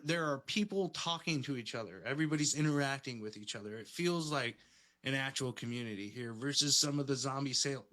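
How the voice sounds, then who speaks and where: Male podcast co-host, rambling and profane, bright forceful tone. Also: medium pitch. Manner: rambling, profane, laid-back storytelling. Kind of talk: casual podcast chat.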